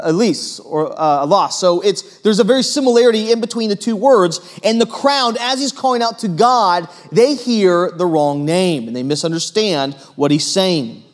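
A male pastor delivers a sermon in a voice pitched a little above most men's. He is earnest, pressing hard on key points and then sinking to near-hushed tones, and he stumbles over fillers as he explains.

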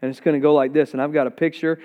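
Pastor guy preaching, high voice, stumbles over words when hyped, kinda muffled recording. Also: very fast. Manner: energetic, repeats words when excited. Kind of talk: sermon.

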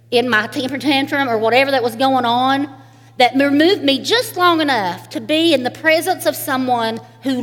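Kentucky lady preaching, folksy storyteller, echo trailing in a big hall. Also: sits high. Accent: Eastern Kentucky. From Eastern Kentucky. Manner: folksy storytelling, laughs often. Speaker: speaker. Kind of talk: sermon with personal story.

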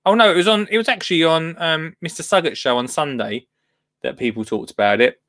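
A man hosts a radio show in a relaxed, bantering way and laughs often. His voice is close and dry, with no room echo. He keeps the chat easygoing. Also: on the high side, brisk. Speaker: radio presenter.

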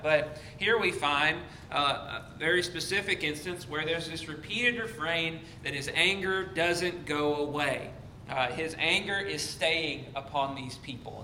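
A man's voice: a little high, sharp tone. A man teaching an evening Bible study in a conversational way, with many fillers and restarts. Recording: echoey room with faint noise.

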